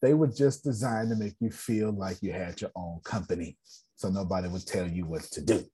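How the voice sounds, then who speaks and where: A man's voice: low voice, moderate pace, warm tone, breathy edge. A man coaching an online business meeting in a blunt, joking way, repeating his phrases with a preacher-like rhythm. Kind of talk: animated motivational talk.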